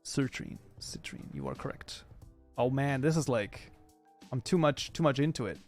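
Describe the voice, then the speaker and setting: A man's voice: medium pitch, sing-song, normal speed, soft background music. German man chatting casually on a livestream. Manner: talkative, swears freely, laughs often. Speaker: livestream host.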